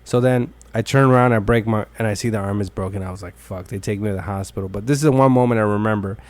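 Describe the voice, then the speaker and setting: A man's voice: fairly low pitch, racing, darkish tone, no room sound. A man hosting a podcast in casual chat, rambling, swearing freely and acting out the people in his stories. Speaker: podcast host.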